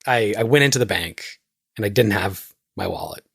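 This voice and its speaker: A man's voice: fairly low pitch, huge pitch swings, moderate pace, creaky, breathy edge, dry recording, clean studio sound. A man co-hosting a podcast in casual chat, stammering and restarting as he rants. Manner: stammers and restarts while ranting. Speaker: podcast co-host.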